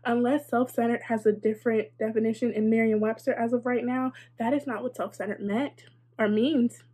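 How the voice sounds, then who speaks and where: A woman's voice: fairly high pitch, steady tone, brisk, warm tone, husky. A young adult woman telling a casual storytime, chatty and sarcastic, with lots of "like" and wry asides. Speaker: vlogger.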